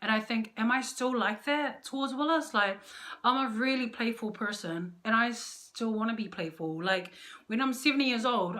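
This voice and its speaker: A woman's voice: a little high, sharp tone. A young woman giving marriage advice to camera in casual chat, candid, playful and poking fun at herself. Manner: candid, playful and self-mocking. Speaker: vlogger.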